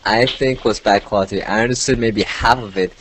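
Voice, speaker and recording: A man with a fairly low voice hosts a casual podcast, reading out emails from listeners. He mumbles and jokes his way through them. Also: steady tone, fairly quick, noisy background. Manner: mumbling, jokey, often laughing. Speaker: podcast host. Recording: lo-fi voice over internet call.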